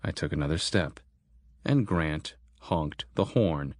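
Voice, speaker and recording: A man narrating a horror audiobook in a steady, measured storytelling manner. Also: a bass voice, dry recording, studio quality.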